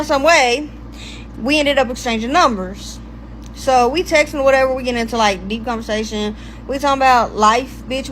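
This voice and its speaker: A young woman with a high voice tells a personal story straight to her audience. Her delivery is loose and full of swearing, and she drifts off track and asks herself where she was. There is a faint hiss under her voice. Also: poor audio. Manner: profane, rambling, loses her place. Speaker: storytime vlogger. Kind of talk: casual storytime monologue.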